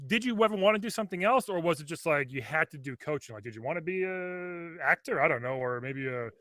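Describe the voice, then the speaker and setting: A man's voice: a little high, animated, fast, fairly bright tone, no room sound, studio quality. A man hosting a comedy podcast over a video call, laughing often and playing along with his guest. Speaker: podcast host. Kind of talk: casual comedic interview.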